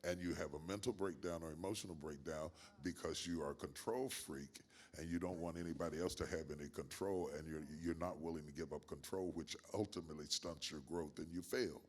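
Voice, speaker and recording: A grandfatherly guest pastor with a deep voice answers interview questions in a measured, emphatic preaching cadence, repeating phrases for effect.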